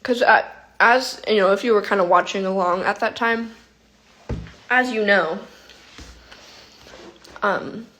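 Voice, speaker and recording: A woman hosting a casual phone livestream, telling stories in an animated way and saying "like" and "literally" a lot. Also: medium pitch, takes it slowly, pauses often. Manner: animated storytelling, heavy use of "like" and "literally". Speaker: vlogger hosting an Instagram live.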